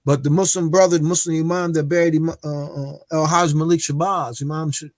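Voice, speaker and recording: A man delivers a religious history lecture in a somewhat high voice, often pausing on fillers and restarting his sentences. The sound is dry and close. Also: steady tone, dry recording. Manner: hesitant, many filler pauses and restarts.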